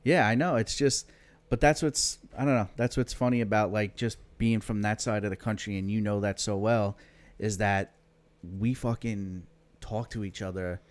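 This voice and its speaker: A man's voice: on the low side, fairly even intonation, normal speed. A man hosting a podcast, chatting casually and readily agreeing with his guest. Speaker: podcast host. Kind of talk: casual conversation.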